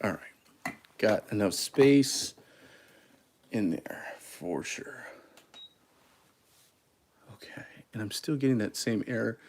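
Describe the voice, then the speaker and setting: A man hosting a casual coffee livestream, chatty and quick to laugh at his own mistakes. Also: fairly low pitch, lively intonation, darkish tone, slight background noise. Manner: self-deprecating, chatty, laughs at himself. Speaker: coffee channel host. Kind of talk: casual livestream chat while making espresso.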